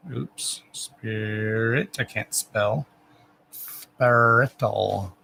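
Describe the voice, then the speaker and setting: A man's voice: medium pitch, vocal fry, fairly bright tone, a little hiss or hum, poor audio. A man hosting a live psychic reading stream, chatting in a rambling, casual way, swearing now and then and talking to his pets.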